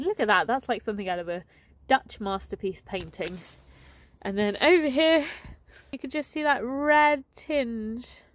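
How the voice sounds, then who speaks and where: A woman with a stuffy, sniffly voice giving a chatty, enthusiastic tour of her garden and greenhouse. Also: medium pitch. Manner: enthusiastic, chatty, names plants as she walks. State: congested, sniffing from a cold or hay fever. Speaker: gardening vlogger. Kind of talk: casual garden tour narration.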